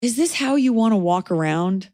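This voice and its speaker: A woman's voice: medium pitch, expressive, darkish tone, no room sound, clean studio sound. A woman hosting a podcast, giving advice in casual chat with a wry, opinionated delivery. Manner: wry and opinionated, slips into quick mock voices. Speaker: podcast host.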